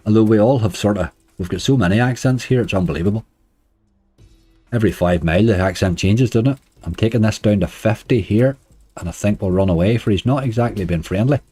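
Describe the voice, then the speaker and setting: A hoarse man with a Northern Irish accent, chatting casually to viewers on a live stream. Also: fairly low pitch, a little fast, dark tone, faint music behind. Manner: chatty, uses "wee" and "like" often. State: hoarse, dry throat. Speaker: slots streamer.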